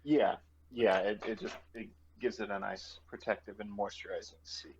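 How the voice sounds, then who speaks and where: A man playing in a tabletop game, chatting in a relaxed way. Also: on the low side, moderate pace, lo-fi sound. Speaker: player.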